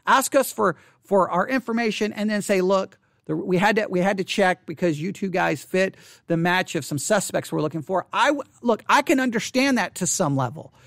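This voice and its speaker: A man's voice: high-pitched, lively intonation, moderate pace, vocal fry, a bit bright, dry recording, clean studio sound. A man who hosts a Christian video channel, telling a personal story in an impassioned, indignant way and quoting what was said. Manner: impassioned, indignant, retells with quoted dialogue.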